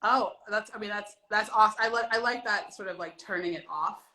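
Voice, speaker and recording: A woman's voice: medium pitch, fairly quick, sharp tone. A woman who created the show, interviewing an actress in a friendly, casual way. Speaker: series creator interviewing the cast.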